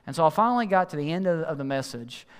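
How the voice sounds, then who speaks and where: A man doing storytelling stand-up, animated and exasperated as he acts out the people in the story. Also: a little high, fast talker, clear, resonant tone, long reverb tail.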